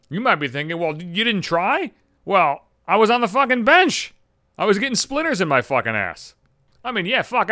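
Man ranting, constant swearing, animated swooping voice, bright tense tone, dry close sound. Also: fairly high pitch, no echo. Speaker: monologue speaker. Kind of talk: profane comedic rant.

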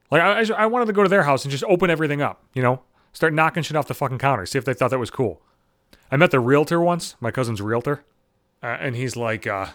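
A man podcasting, his fairly high voice swinging wildly as he rants with sarcastic outrage. He swears nonstop and acts out each side of the story. The sound is close and dry, with no room to it. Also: animated, fast talker, fairly bright tone, no echo. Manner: angry, sarcastic, swears constantly, acts out both sides of conversations. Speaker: podcast host. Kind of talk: profane comedic rant.

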